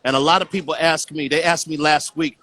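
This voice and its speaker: Earnest man, bright forceful voice. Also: fairly high pitch, fairly even intonation, a little fast. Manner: earnest, repeats "you know what I'm saying". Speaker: guest. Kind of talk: casual call conversation.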